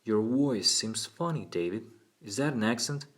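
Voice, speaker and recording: Man voicing a patient woman therapist, gentle and probing, only lightly lifted from a low voice. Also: lively intonation, moderate pace. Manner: gentle, questioning.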